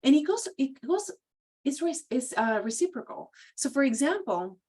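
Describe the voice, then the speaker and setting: A woman's voice: high voice, big pitch swings, moderate pace, darkish tone. A woman giving a conversational training talk, casual and full of "like" and "you know.". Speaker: presenter at a professional training.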